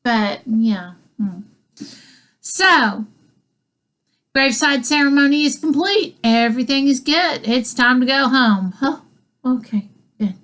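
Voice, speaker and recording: A woman's voice: sits high, animated, takes it slowly, long pauses, a bit bright. A woman telling a comic story, rambling with asides and chuckling between lines. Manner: rambling, self-interrupting with asides. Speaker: comedian. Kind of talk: comedic storytelling.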